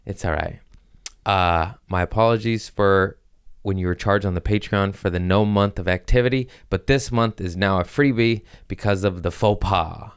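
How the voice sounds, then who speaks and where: A man's voice: low voice, moderate pace, clean tone, dry recording, clean studio sound. A man hosting a comedy podcast, telling profane stories in casual chat and acting out what people said. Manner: profane storytelling with acted-out quotes.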